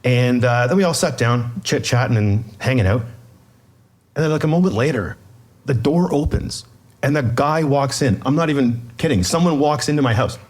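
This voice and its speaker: A male podcast co-host in easygoing chat. He tells stories with lively, animated swings in pitch, acting out the people in them. His voice sits at an ordinary middle pitch. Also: normal speed. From Canada. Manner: animated anecdote-teller, voices in quotes. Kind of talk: casual chat, storytelling.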